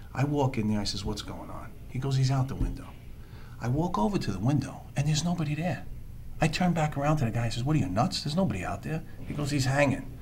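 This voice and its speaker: An actor playing a world-weary police detective who tells rambling, sardonic street stories. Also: male voice, medium pitch, a little hiss or hum, lightly acted. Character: wisecracking world-weary male NYC cop. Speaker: police detective under evaluation. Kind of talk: film dialogue, storytelling monologue.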